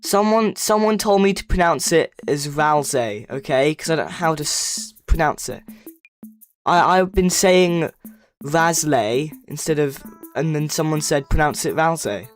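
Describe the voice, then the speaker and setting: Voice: medium pitch, unhurried, faint music behind. A livestreamer chatting casually, rambling, correcting themself and reading chat messages aloud. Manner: self-correcting, stumbles over words.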